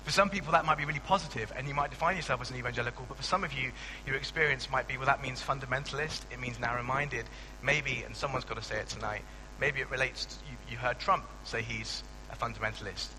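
A young man, a pastor giving a conversational sermon with animated asides and frequent restarts. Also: mid-range voice, fast talker, in a large hall, background noise. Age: young adult.

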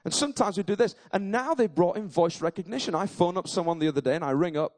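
A man's voice: sits high, fast. A man preaching a sermon, moving from chatty storytelling to fervent, emphatic declarations. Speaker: pastor.

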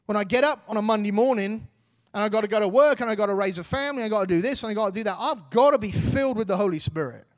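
A man's voice: sits high, racing. A man in his thirties preaching a sermon, earnest and exhorting, with casual, everyday phrasing.

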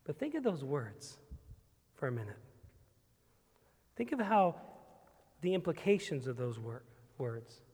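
A man, a pastor, preaching a sermon emphatically. His delivery moves from quiet passages up to loud ones. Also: a little high, very animated, unhurried, pauses often, breathy edge. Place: church sanctuary. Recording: long church reverb.

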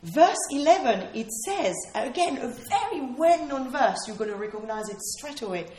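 A woman's voice: high voice, very animated, moderate pace, darkish tone, a little hiss or hum. A woman preaching a sermon in an earnest, emphatic way, repeating her key phrases for weight. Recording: roomy hall echo.

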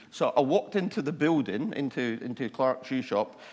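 A man telling a funny personal testimony in a sermon, animated and self-mocking. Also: mid-range voice, moderate pace, few pauses, in a large hall. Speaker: preacher.

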